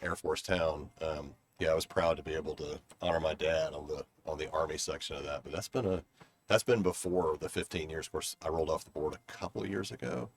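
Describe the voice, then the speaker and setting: A man's voice: extremely low pitch, a little fast, slight background noise. A middle-aged man telling stories in a reflective, rambling way during a casual conversation, recorded outdoors on a garden bench. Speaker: former board member.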